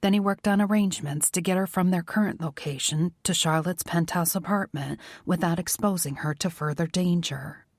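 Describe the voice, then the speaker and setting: A woman narrating a romance audiobook in a soft, measured reading. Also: lowish voice, dry recording, clean studio sound. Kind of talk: scripted narration.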